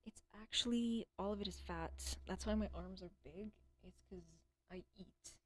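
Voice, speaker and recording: A woman's voice: medium pitch, normal speed. A woman rambling alone on a casual stream, swearing often, stumbling over words and dropping into whispers now and then. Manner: rambling, profane, self-deprecating.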